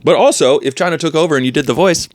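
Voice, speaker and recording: A man's voice: a little high, fast, no room sound. A man co-hosting a casual comedy podcast, riffing playfully with his roommate. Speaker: co-host.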